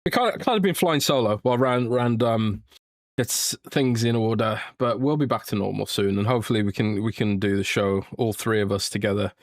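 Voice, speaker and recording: A man's voice: on the low side, fairly quick, no room sound, studio quality. A British man hosting a podcast in a casual, jokey way, rambling with plenty of restarts and fillers. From Britain. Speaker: podcast host.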